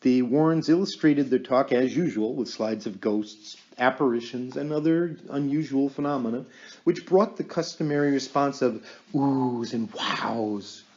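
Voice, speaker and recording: Dark-voiced man reading an audiobook. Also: medium pitch, lo-fi sound. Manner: measured storytelling delivery. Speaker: audiobook reader. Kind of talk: audiobook narration.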